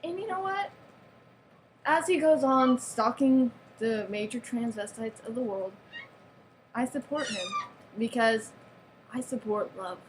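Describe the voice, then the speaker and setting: Woman, higher voice, giggly, sarcastic, playful show-and-tell vlog narration, faint background hiss. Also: animated, a little slow, long pauses. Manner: giggly, sarcastic, mock-serious. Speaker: vlogger showing off a toy.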